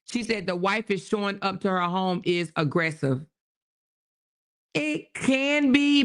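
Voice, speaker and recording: A woman's voice: on the high side, fairly bright tone. A woman hosting her own show, giving casual commentary on a news story and often repeating herself as she checks in with viewers. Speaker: host.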